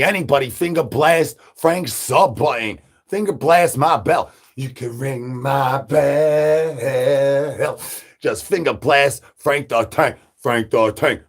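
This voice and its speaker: A man's voice: medium pitch, slightly rough. A man livestreaming, rambling crude jokes and talking straight to his chat in a repetitive, joking way. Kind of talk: rambling crude stream banter.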